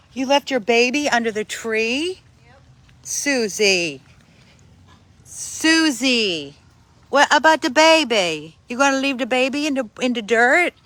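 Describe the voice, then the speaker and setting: A woman with a fairly high voice talks slowly into her phone outdoors, hosting a casual live stream for a dog rescue. She greets viewers by name and lifts into high, sing-song baby talk whenever she speaks to the dogs. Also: animated, a bit bright, no room sound. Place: outdoors in a yard.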